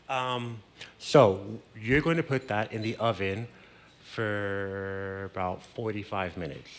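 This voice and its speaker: A man hosting a cooking show in a kitchen, explaining a recipe step by step in a chatty, playful way and dropping in Spanish words. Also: on the low side. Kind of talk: casual cooking demonstration. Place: home kitchen.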